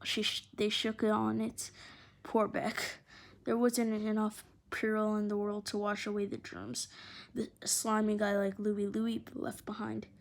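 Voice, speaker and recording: A woman reading a children's adventure novel aloud in an expressive, animated way. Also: medium pitch, a little slow. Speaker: storyteller.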